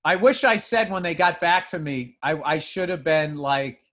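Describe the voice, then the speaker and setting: Man from the US East Coast, podcast co-host, blunt and profane, high voice. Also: expressive, normal speed, few pauses, fairly bright tone. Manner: blunt, profane, self-mocking. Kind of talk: casual storytelling chat.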